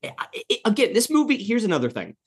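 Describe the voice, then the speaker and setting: A man co-hosting a casual film podcast, talking in an animated way, swearing freely and laughing often. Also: high-pitched, fast, slightly rough. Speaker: podcast co-host.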